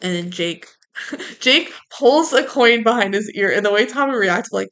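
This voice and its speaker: A woman's voice: medium pitch, expressive, moderate pace, a bit bright. A woman co-hosting a podcast, chatting casually through a movie recap, laughing and quoting characters. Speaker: podcast co-host.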